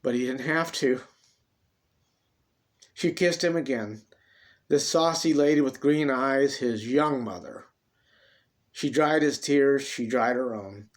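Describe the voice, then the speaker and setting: A man reading his own dramatic story aloud, expressive and swinging between loud and hushed delivery. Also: mid-range voice, slow, long pauses.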